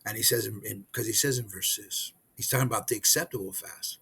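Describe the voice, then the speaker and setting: A man's voice: fairly low pitch, vocal fry, sharp tone, slightly rough. A man preaching an informal, conversational sermon, reading scripture aloud and explaining it with frequent restarts. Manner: conversational, halting, with many restarts and fillers. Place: missionary post abroad.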